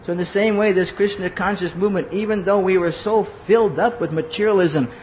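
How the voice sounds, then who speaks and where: A man's voice: high-pitched, a little fast, a little mellow. A man giving a sermon as a conversational story, acting out what people said and often asking "huh?". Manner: conversational storytelling, acts out quotes, asks "huh?". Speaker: preacher. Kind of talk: sermon with personal stories. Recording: roomy lo-fi hall recording with hum.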